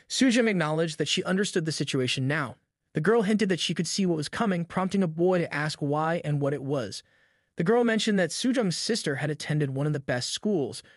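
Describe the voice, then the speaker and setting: A man reads a story recap in a steady, even voice that sits a little high for a male narrator. The sound is close and dry, with no room around it. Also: dry recording. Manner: even, steady retelling in third person.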